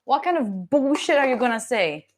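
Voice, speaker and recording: A young Italian woman with an Italian accent streams from her home kitchen, tossing casual banter and the odd swear at her chat. Her voice sits a little high, and her pitch swings up and down a lot as she teases and questions. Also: sing-song, normal speed. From Italy. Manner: chatty, playful, swears freely, teases chat. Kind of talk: casual chat while cooking.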